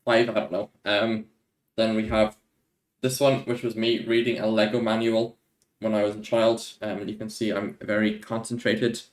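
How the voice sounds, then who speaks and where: Young man, rambling Q&A chat, slightly low voice, roomy echo. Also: little pitch movement, normal speed. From Ireland. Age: young adult. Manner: rambling, laid-back, easily amused. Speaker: YouTuber answering viewer questions. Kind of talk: casual Q&A chat. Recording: echoey room.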